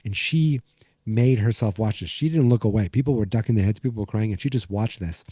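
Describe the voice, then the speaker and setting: Dark-voiced man rambling through a recap. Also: on the low side, brisk, slightly rough, no echo, studio quality. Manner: rambling, many fillers and restarts. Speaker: podcast host. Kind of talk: casual episode recap.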